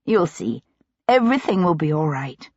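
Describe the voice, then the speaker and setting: A woman voicing a composed young female captive who soothes gently but holds herself stiffly, in a dull, dry recording. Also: low-pitched, very animated, moderate pace, slightly rough, no room sound, heavily acted. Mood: soothing.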